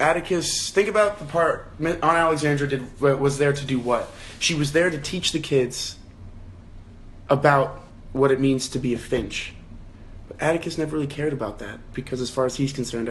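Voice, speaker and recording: A young man talks casually to his livestream audience through a phone, musing aloud about a novel. He restarts his sentences often and tosses questions to his viewers. His voice sits at an ordinary middle pitch. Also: a little hiss or hum. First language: English. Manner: thinking aloud, frequent restarts and rhetorical questions. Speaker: livestream host leading a book discussion.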